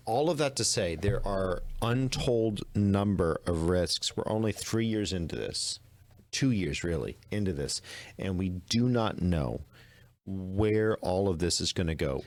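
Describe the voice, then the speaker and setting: A man hosting a Christian apologetics podcast, arguing his points emphatically. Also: sits low. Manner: emphatic, argues with rising intensity. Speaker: podcast host.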